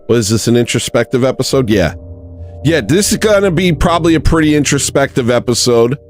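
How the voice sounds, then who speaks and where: A man's voice: mid-range voice, animated, a little fast, faint music behind. A man hosting a comedic livestream, talking in a rambling, joking, self-mocking monologue. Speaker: livestream host.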